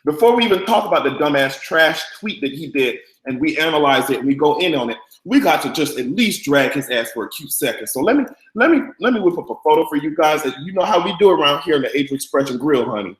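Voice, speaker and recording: A man's voice: on the high side, expressive, fast, hardly any pauses. Brash, camp man in an echoey room. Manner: brash, profane and camp, with loud cackling laughs. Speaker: vlogger host. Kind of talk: live-stream gossip commentary.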